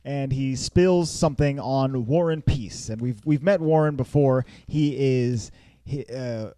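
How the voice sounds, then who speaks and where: A man's voice: mid-range voice, a little slow, mellow, no echo. A man hosting a casual movie review podcast, laughing often and acting out characters in goofy voices. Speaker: podcast host.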